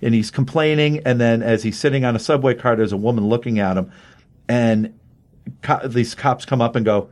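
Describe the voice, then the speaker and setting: Chatting casually on a podcast, a man recaps a comic book with lively energy. He keeps dropping into quick put-on character voices, raising his pitch for every quoted line.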